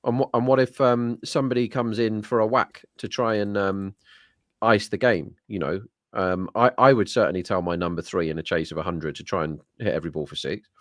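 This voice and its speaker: Lowish male co-host, chatty betting tips, dry close sound. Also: fairly even intonation, a little fast, a bit bright, dry recording. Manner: chatty, talks through betting lines. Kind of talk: live sports watch-along banter.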